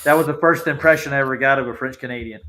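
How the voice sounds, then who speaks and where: A man's voice: mid-range voice, very fast, pushed and bright, low-quality recording. A man casually telling a rambling personal story, with frequent restarts.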